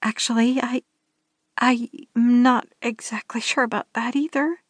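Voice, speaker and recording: A woman's voice: on the high side, steady tone, a little slow, dry recording. A woman voicing a nervous young female driver who stammers and rambles apologetically. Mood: flustered.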